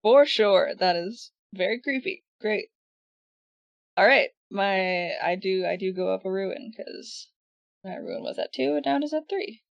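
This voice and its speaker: A woman's voice: medium pitch, expressive, unhurried, gravelly, dry recording, highs cut off. A woman playing a tabletop horror game, describing her character's moves casually with fillers. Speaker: player. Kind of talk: tabletop role-play, describing a character's actions.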